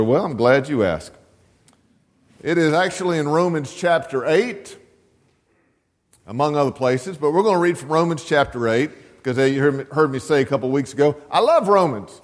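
Male pastor, slightly high voice, easygoing sermon delivery, long church reverb. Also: sing-song, normal speed. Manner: conversational, chuckling, asks the congregation questions. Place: church sanctuary.

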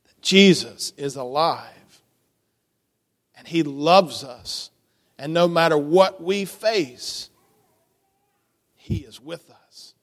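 A man reading a children's story aloud in church, lively and animated, stopping to ask the children questions. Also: on the high side, drawn-out words, pauses often. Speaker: children's message leader. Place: church sanctuary. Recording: long church reverb.

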